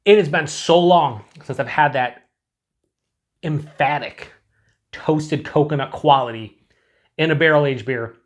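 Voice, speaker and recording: A man's voice: a little high, a little slow, long pauses. A man casually reviewing beer for his channel, chatty and rambling, with frequent swearing and filler words. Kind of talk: casual tasting review to camera.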